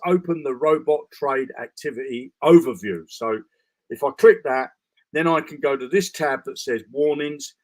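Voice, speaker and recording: A man walking through a trading bot dashboard during a live screen-share broadcast, talking casually with restarts, fillers and frequent "okay?" checks. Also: mid-range voice. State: tired, yawning. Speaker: crypto trading bot presenter.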